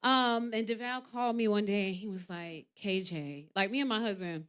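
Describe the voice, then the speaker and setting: Guesting on a talk show, a woman actress in her thirties shares candid stories at a moderate pace, her voice clear and resonant. Quoted voices get big swings in pitch and volume, while serious moments draw her soft and low.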